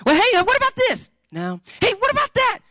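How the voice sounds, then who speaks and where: An overeager young guy on a blind date, put on by a preacher, his voice jumping way up as he pleads. Bright and tense, it is recorded close and dry. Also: extremely high pitch, huge pitch swings, a little fast, dry recording, voice pushed up, full character voice. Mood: eager. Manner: pleading, trying too hard. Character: eager awkward young man on a blind date.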